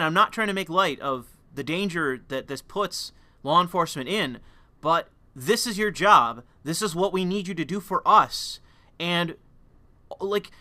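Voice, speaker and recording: A man delivers a heated political commentary monologue, profane and rambling, full of fillers. His voice is a little high and very bright and sharp. The sound is dry and close to the mic. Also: no room sound. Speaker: commentary channel host.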